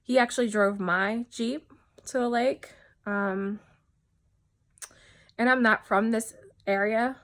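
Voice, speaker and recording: A woman from New Jersey giving a personal testimony, speaking haltingly and often dropping quiet. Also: fairly high pitch, steady tone. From New Jersey, USA. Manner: halting, many fillers and restarts, often drops soft.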